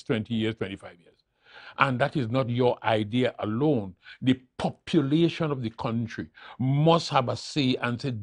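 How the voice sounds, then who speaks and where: An older man speaks as a studio interview guest, hammering his points by saying them again and again. His voice sits at an ordinary pitch, and the sound is close and dry with no room echo. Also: darkish tone. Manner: emphatic, repeats key phrases for emphasis. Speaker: interview guest, political leader. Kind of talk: studio talk show interview.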